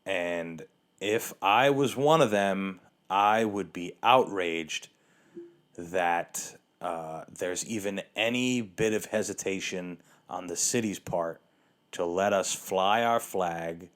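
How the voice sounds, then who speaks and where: A man's voice: deep voice, takes it slowly, a bit bright. A man hosting a solo podcast, ranting sarcastically with frequent swearing, restarts and fillers, hiccuping now and then. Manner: rambling, sarcastic, profane, with many restarts and fillers. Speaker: podcast host.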